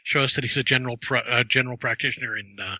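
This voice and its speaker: A man co-hosting a podcast, deadpan and pedantic in casual chat. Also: medium pitch, very fast, dry recording.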